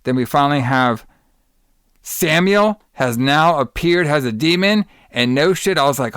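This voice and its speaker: A man's voice: a little high, expressive, unhurried, a bit bright, clean tone, no room sound, clean studio sound. A man co-hosting a podcast, recapping a horror movie in casual, profane chat, rambling and acting out the characters' lines. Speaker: podcast co-host.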